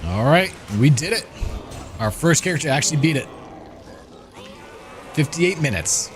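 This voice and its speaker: A man's voice: on the high side, lively intonation, unhurried. A man streaming a game live, chatting casually and reacting aloud as he plays. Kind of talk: casual live gameplay commentary. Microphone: desk microphone. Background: game music.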